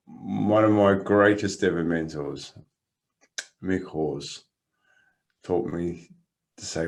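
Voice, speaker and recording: An Australian man with a fairly low voice speaks as a coach in a casual podcast conversation, extremely slow, with vocal fry and long pauses. He gives calm, encouraging guidance and tells stories in a lively way, laughing throughout.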